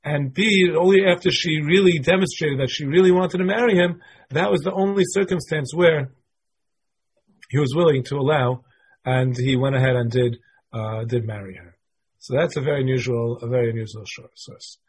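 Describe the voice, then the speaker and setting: A man's voice: mid-range voice, moderate pace, husky. A middle-aged man teaching a Torah class in a casual, conversational way, thinking aloud as he explains the texts.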